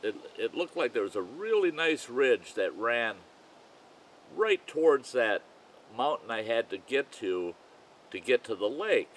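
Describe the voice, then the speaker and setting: An older man spins a campfire yarn in a folksy, meandering way. His voice sits at an ordinary middle pitch, with a faint rumble of noise behind him. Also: very animated, a bit bright, poor audio. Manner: folksy, unhurried, rambling yarn-spinner. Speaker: storyteller. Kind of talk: campfire storytelling.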